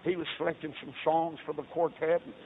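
A middle-aged Baptist preacher, telling stories in a sermon and swinging from low talk to loud shouted peaks. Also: male voice, little pitch movement, fast talker. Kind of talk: storytelling sermon. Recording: tinny lo-fi recording with faint hiss.

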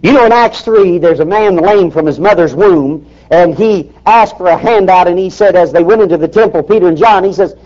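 High-voiced preacher on a dull lo-fi recording. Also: male voice, brisk, few pauses, a little mellow. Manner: emphatic, folksy, rhetorical questions to the congregation. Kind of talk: fiery sermon.

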